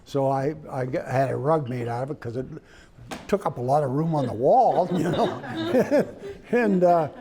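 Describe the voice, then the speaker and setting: A man casually telling a hunting story, rambling and halting with many restarts, indoors in a room with his trophy rug on the wall. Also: on the high side, animated, a crowd in the background.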